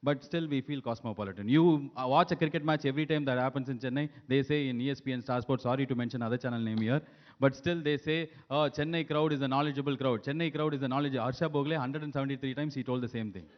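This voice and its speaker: Guy on a panel cracking jokes really fast, dull sound. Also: mid-range voice. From South India. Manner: rapid, jokey, rambling. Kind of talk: joking panel answer.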